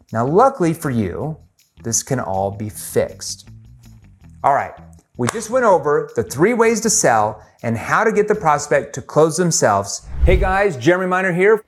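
A middle-aged man leads a sales training lesson, his voice swinging widely in pitch as he stresses key points. He speaks emphatically and breaks into acted sample questions. Faint music plays behind him.

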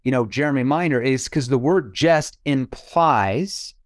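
A man's voice: mid-range voice, measured pace, no echo, studio quality. A man coaching on sales calls, explaining his phrasing and acting out calls with prospects. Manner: acts out phone calls with prospects; explanatory, asks rhetorical questions. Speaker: sales trainer. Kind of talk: sales coaching podcast talk.

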